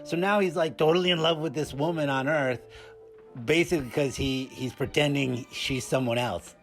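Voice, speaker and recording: A man's voice: a little high, moderate pace, soft background music, close to an everyday voice. A man playing a rambling, randy puppet critic. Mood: bemused. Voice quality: rambling, stammering, filler-heavy delivery. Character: cheeky randy male puppet critic, easily bored. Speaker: puppet movie reviewer. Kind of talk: comedic movie review.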